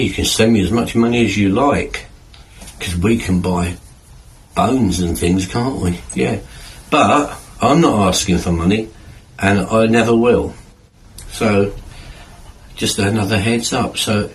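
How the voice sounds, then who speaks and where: A man in a garden shed chatting casually to camera with dry, deadpan humor, rambling and repeating his words. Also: fairly low pitch, a little hiss or hum, poor audio. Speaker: video creator.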